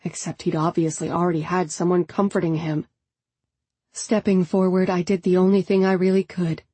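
A woman's voice: on the low side, little pitch movement, normal speed, mellow, husky, dry recording. A woman narrating an audiobook in the first person with a subdued, introspective delivery.

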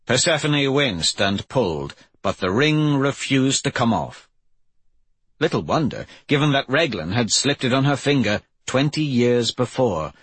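Husky low-voiced guy reading an audiobook, dry close sound, steady pace. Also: dry recording. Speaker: audiobook narrator. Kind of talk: scripted narration.

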